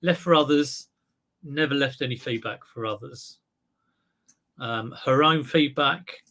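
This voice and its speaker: A man's voice: mid-range voice, measured pace, bright, forceful tone. A man hosting a casual live stream, chatting to viewers and thinking aloud, with frequent fillers and self-mocking asides. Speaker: eBay reseller livestream host.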